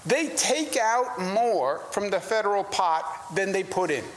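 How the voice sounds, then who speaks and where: A man's voice: high voice, lively intonation, a little slow, slight background noise. A man, a state governor, answering reporters at a press briefing, emphatic and repeating his points with rising indignation. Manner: emphatic, repeats phrases, rises when indignant.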